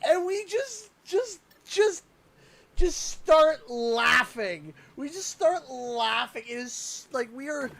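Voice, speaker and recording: A Canadian man in his thirties chatting casually while playing a game, telling animated stories and laughing often. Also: very high-pitched, slow. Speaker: gaming YouTuber.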